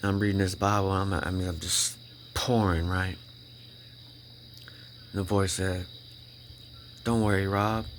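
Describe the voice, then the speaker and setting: Deep-voiced man giving an emphatic testimony. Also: flat delivery, a little hiss or hum. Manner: emphatic, repeats himself, keeps checking in with "right?" and "you know?"; halting restarts when emotional. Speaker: vlogger sharing a personal faith testimony. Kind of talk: casual spoken testimony.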